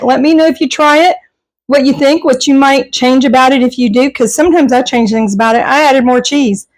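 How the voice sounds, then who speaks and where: A woman talks through her cooking in a home kitchen, her voice sitting a little high. She is chatty and folksy, and she pokes fun at herself in an easy, casual way. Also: poor audio. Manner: chatty, self-deprecating, folksy. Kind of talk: casual cooking vlog chat.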